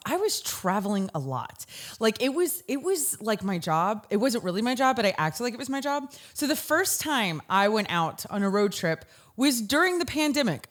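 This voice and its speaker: A woman, hosting a talk show and telling comedic stories in an animated way. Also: a little high. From Southern United States. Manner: animated storyteller, bursts into shouts. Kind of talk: comedic monologue.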